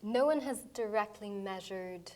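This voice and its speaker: A woman's voice: mid-range voice, darkish tone. A woman scientist who is losing her voice, explaining step by step as she answers audience questions after a public lecture. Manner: explains step by step, with quick asides.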